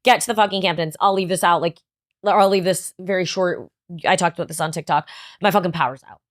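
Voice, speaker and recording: A young woman co-hosting a podcast, telling a story in animated casual chat, full of "like" and swearing. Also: fairly low pitch, fast talker, dry recording, studio quality. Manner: animated storyteller, heavy "like" filler, frequent swearing. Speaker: podcast co-host.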